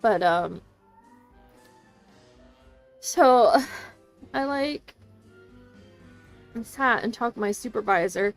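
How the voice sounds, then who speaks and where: A woman's voice: medium pitch, lively intonation, very slow, pauses often, soft background music. A woman who works as an assistant language teacher, venting about her workday in casual chat, swearing and acting out what others said. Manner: venting, swearing, quoting people in voices.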